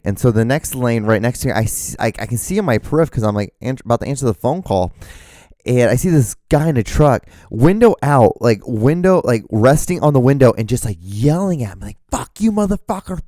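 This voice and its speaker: A man's voice: medium pitch, a little mellow, no echo, clean studio sound. A young man hosting a solo podcast, rambling through a story with lots of restarts and casual swearing. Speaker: podcast host.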